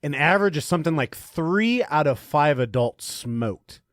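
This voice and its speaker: A man's voice: fairly high pitch, lively intonation, moderate pace, dry recording, clean studio sound. A man co-hosting a podcast in casual chat, teasing his friends and citing statistics. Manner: chatty, teasing, cites statistics. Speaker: podcast co-host.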